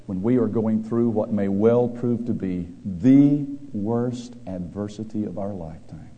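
A man preaching a sermon, swinging between loud declaiming and quiet asides. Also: fairly low pitch, unhurried, lo-fi sound. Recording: long hall reverb.

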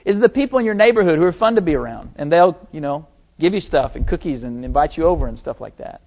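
A man preaching a sermon, retelling a story with lively acted-out quotes. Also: on the high side, fast. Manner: animated storytelling, acting out quotes. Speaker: pastor. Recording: tinny phone-like sermon recording.

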